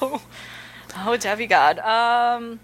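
A woman co-hosting a casual anime podcast, reacting quickly with laughs and exclamations. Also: on the high side. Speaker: podcast co-host.

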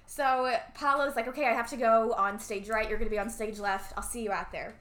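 A woman casually recapping a movie plot as a podcast co-host, animated and acting out the characters' lines. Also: a little high, fairly quick. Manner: animated, acts out characters' lines, laughs often.

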